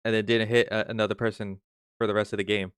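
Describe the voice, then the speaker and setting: A man's voice: on the low side, flat delivery, fast, smooth, dry recording. A man commenting casually on a video he is reacting to, joking and swearing freely. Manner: profane, joking, mocking. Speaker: reaction streamer.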